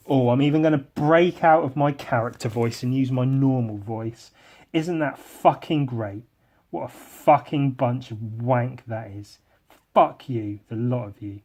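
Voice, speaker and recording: A man alone on his podcast rambles into the microphone, bitter, sarcastic, self-deprecating, and swearing a lot. His voice is medium-pitched, darkish, and a little slow.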